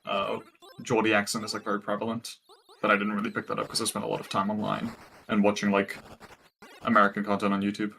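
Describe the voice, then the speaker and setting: A young man with a light British accent talks fast in easygoing chat. His voice is low-set but sharp and bright. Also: monotone, gravelly, slight background noise. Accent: light British English. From England. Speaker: guest speedrunner. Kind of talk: casual chat.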